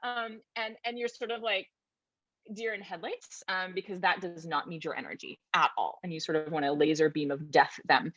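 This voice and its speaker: Young woman, low-pitched, workshop presenter, thoughtful and gentle, dry video-call sound. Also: normal speed, no room sound, highs cut off. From Virginia, USA. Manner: thoughtful, gentle, frequent tag questions. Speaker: vocal wellness presenter. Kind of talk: conference webinar talk.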